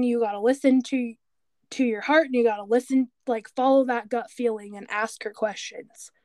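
A woman co-hosting a podcast, chatting casually and retelling scenes with animated quoted voices. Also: high-pitched, no room sound. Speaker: podcast co-host. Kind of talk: casual chat recapping a TV show.

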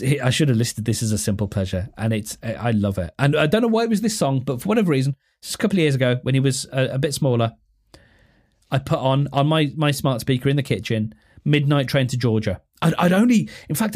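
A man's voice: medium pitch, a little mellow. A man hosting a solo podcast, chatting casually in a rambling, self-deprecating way. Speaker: podcast host.

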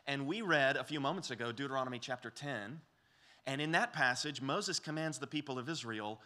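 Bright-voiced male preacher. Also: mid-range voice. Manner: animated, voices quoted speech with rising intensity. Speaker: pastor. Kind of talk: expository sermon.

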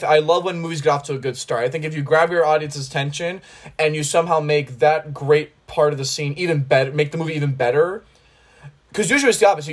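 A man with a slightly raised pitch hosts a casual podcast chat about a film. He talks with enthusiasm and rambles, often breaking off and restarting his sentences. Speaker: podcast host.

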